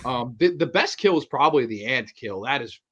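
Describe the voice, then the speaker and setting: A man's voice: mid-range voice, expressive, brisk, fairly bright tone, slightly rough. A man hosting a casual horror movie review chat, enthusiastic and laughing as he retells scenes, swearing freely. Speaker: horror movie podcast host.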